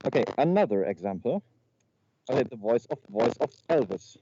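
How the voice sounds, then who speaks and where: A man's voice: fairly low pitch, expressive, a little fast, dark tone. A man improvising a comedy slide presentation over a video call, stumbling and repeating his words as he goes. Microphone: video call microphone. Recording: muffled lo-fi call audio with faint noise.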